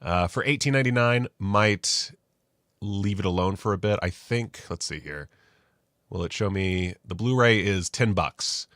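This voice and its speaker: A man with a deep, low-pitched voice hosts a casual live stream. He talks in a rambling, self-deprecating way and swears now and then. The sound is dry and close, with no room echo. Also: normal speed, fairly bright tone. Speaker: host.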